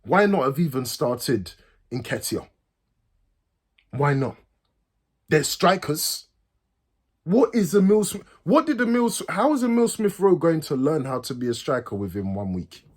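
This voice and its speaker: A man, a football fan host, ranting furiously, swearing and repeating himself, his voice swinging from high outbursts to low mutters. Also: lively intonation, moderate pace, long pauses, breathy edge. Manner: pitch swings from loud highs to low mutters. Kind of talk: angry fan rant.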